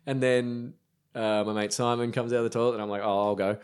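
A man's voice: mid-range voice, steady tone, fast, smooth. A man with an Australian accent, a brewer on a podcast, telling rambling anecdotes in casual chat with lots of ums and restarts. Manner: rambling, filler-heavy anecdotes. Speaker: brewer guest.

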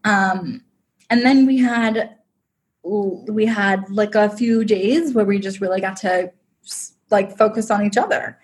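A woman's voice: medium pitch, slow pace. A woman, a podcast guest, telling a personal story in a chatty, emotional way, with lots of "like". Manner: chatty, heavy use of "like", emotional.

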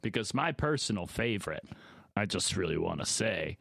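A man co-hosting a podcast, speaking softly and eagerly in casual chat. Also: low voice, big pitch swings, moderate pace, gravelly, no echo, clean studio sound.

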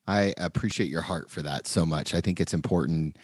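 A man hosting a casual faith podcast interview, friendly and a bit halting, with fillers and restarts. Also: deep voice, darkish tone, breathy edge, dry recording, studio quality. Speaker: podcast host.

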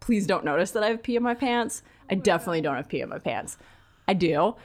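A woman in her thirties telling a funny story in casual chat, laughing often and acting out the lines of the people she quotes. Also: fast talker. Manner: animated, laughing, acts out quoted lines in a higher voice.

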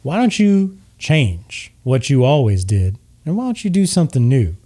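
A man voicing a smooth male tiefling resort mogul with a slick showman's sales pitch. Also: very animated, normal speed, mellow. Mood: slick salesy.

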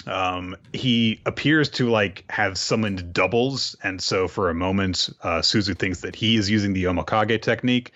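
A man's voice: on the low side, normal speed, few pauses, fairly bright tone, dull audio. A man hosting a podcast, chatting through a recap of an anime episode and laughing as he retells the scenes. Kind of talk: casual recap.

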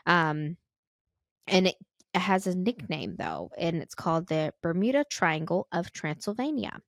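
An American woman co-hosting a podcast, chatting casually and retelling a spooky story, animated and giggly. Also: fairly low pitch, a little slow, creaky, dry recording, clean studio sound. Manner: animated and giggly, acts out reactions. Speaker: podcast co-host.

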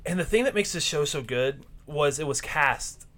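A man's voice: a little high, lively intonation, normal speed, fairly bright tone. A man hosting a casual podcast chat, rambling with many ums and restarts. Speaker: podcast host.

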